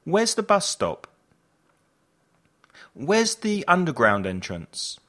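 A man's voice: fairly high pitch, wildly swooping pitch, slow, fairly bright tone. A man reading travel phrases aloud for learners, one at a time, each with a falling end. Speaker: phrase reader for language learners.

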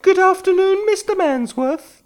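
A man voicing a frightened, rich young wife who pleads desperately in a high, tearful falsetto. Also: animated, unhurried. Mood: polite.

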